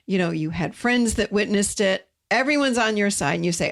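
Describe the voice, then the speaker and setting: A woman talks through relationship advice in a direct, emphatic way, hammering her points home by repeating them. Her voice sits at an ordinary middle pitch for a woman and sounds middle-aged. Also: expressive, normal speed, gravelly, few pauses. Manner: emphatic, repeats key words for stress. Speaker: podcast host.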